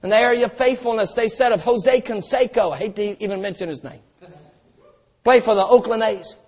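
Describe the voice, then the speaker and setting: A man preaching a sermon as pastor, telling stories and swinging from quiet asides to loud shouted lines. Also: high voice, a little fast. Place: church auditorium. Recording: dull sound with long hall reverb.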